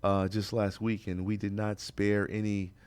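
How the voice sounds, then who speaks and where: A man's voice: on the low side, level tone, moderate pace, a little mellow, clear, resonant tone. A man hosting a radio talk show from a studio, bantering and joking with a playful, hyped announcer-style delivery.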